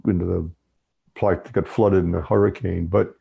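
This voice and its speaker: Deep gravelly man, easygoing guest. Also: steady tone, normal speed, phone-quality sound. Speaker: podcast guest. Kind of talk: casual interview chat.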